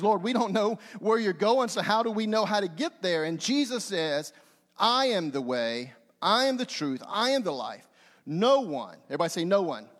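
A man preaching a sermon as pastor, speaking emphatically and repeating phrases for stress. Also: high-pitched. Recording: long hall reverb.

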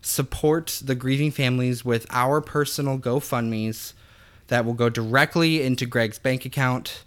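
A man's voice: mid-range voice, fairly even intonation, unhurried, fairly bright tone. A man co-hosting a podcast, telling stories in casual chat and joking along. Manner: storytelling, jokey, does silly voices. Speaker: podcast co-host.

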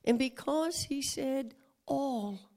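Slow gravelly woman preacher. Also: high-pitched. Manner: dramatic, swings between whispering and loud proclaiming. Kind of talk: sermon.

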